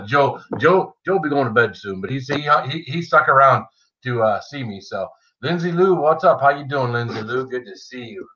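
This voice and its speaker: A man's voice: medium pitch, expressive, normal speed, bright, forceful tone, highs cut off. A man hosting a casual livestream, greeting viewers by name in a chatty, joking way. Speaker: livestream host. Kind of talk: casual live-chat greetings.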